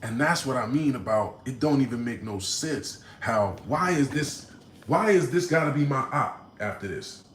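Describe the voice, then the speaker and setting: A man casually telling a personal story to his live chat, animated and slangy, often checking in with "right?". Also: medium pitch, moderate pace, echoey room, a little hiss or hum.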